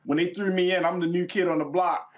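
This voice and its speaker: Man, new panelist, casual, direct, bit higher voice. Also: steady tone, fast, dull audio. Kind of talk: panel talk.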